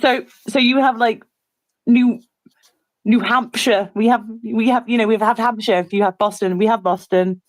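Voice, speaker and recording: A woman's voice: a little high, steady tone, moderate pace, dry recording, rough recording. An Englishwoman co-hosting a casual livestream chat, rambling, interrupting herself and apologizing as she goes. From England. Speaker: co-host.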